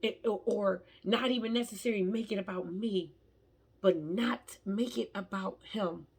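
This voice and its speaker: Woman vlogger, heartfelt and halting, gravelly husky voice. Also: mid-range voice, darkish tone. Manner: emotional, heartfelt, stammering restarts. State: tearful at times. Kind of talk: personal faith vlog.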